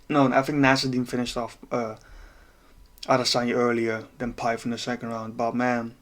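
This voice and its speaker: A man breaking down a fight in a casual, profane rant, exasperated and laughing at times. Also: mid-range voice. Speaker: MMA commentator.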